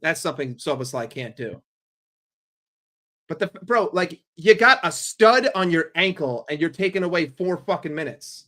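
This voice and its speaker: A man streaming a football watchalong, calling the play for his chat in a blunt, profane, excitable way. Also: on the high side, normal speed. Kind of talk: live play-by-play commentary for a chat.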